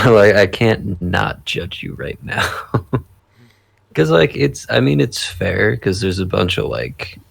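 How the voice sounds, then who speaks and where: A man's voice: fairly low pitch, big pitch swings, slow pace, vocal fry, husky. A young man in his twenties co-hosting a podcast, laid-back and self-deprecating, laughing often. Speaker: podcast co-host. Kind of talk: casual chat.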